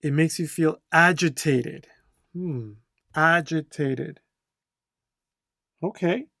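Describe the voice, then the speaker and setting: A man's voice: on the high side, takes it slowly, gravelly, sharp tone, no echo, clean studio sound. A man instructor working through test answers, repeating key words and reading the dialogue lines aloud. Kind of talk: tutorial explanation.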